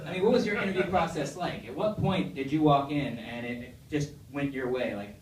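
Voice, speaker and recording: A man's voice: a little high, measured pace. Echoey stand-up comedian man. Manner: conversational, asks the crowd questions. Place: comedy club stage. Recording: echoey room, distant mic, faint noise.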